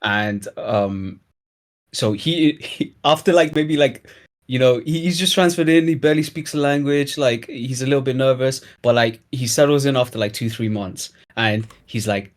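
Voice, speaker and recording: A young man in relaxed conversation, spinning a long story from his school days. His pitch sits in an ordinary middle range, and he punches key moments with sudden loud bursts. The flow is loose and chatty. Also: normal speed. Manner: animated storyteller, swings loud for emphasis. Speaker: guest storyteller. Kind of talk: casual chat, telling a school story.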